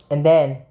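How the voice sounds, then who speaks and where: Low-voiced woman rambling through a cartoon recap. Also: dark tone. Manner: rambling, chatty, quotes the characters as she retells. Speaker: video commentator. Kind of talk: casual episode recap.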